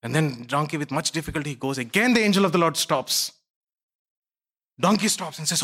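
A preacher man with a somewhat high voice retells a scripture story as a sermon. His delivery is conversational and storytelling, with asides to his listeners. He moves easily between narration and quoted voices. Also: expressive, normal speed, fairly bright tone.

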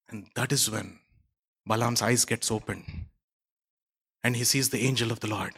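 A man's voice: on the low side, normal speed, creaky, long pauses, fairly bright tone, husky. A man preaching a sermon, retelling a scripture story in a conversational way with asides to his listeners.

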